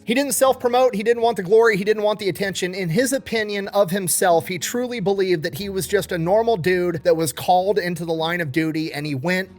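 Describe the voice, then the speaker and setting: A man casually telling a history story, animated, swearing and acting out the people he quotes. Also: high voice.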